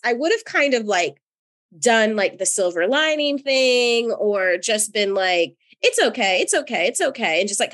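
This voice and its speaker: A woman from North Carolina co-hosting a podcast as a therapist, telling personal stories in an animated, chatty way with frequent laughter. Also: a little high. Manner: animated, laughs often, chatty with many fillers. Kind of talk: casual chat and personal storytelling.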